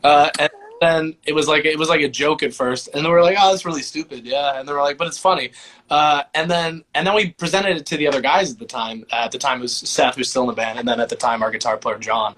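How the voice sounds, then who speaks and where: A man's voice: on the high side, fairly even intonation, quick pace, fairly bright tone. A young man, a voice actor and musician, talking in a laid-back, rambling way full of fillers during a casual interview.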